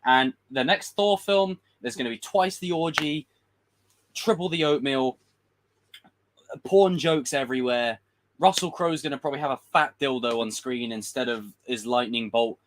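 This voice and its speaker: A man's voice: mid-range voice, slight background noise. A man hosting a livestream, giving blunt, profane film opinions in casual, rambling talk. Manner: rambling with quick voiced impressions. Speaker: livestream host.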